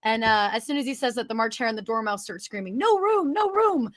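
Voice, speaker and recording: A woman's voice: fairly high pitch, steady tone, fast, a bit bright. A woman game master narrating a tabletop game, rambling and searching for words as she goes.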